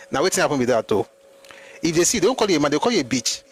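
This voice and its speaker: A man's voice: a little high, big pitch swings, fast, breathy edge, low-quality recording. A man with a Nigerian accent, hosting a live history talk and arguing his points with rhetorical questions. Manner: argumentative, full of rhetorical questions. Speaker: host.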